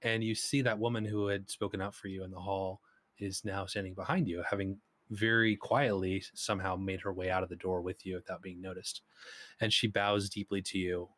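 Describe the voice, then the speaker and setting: A man narrating as game master in a relaxed, descriptive way. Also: sits low, brisk.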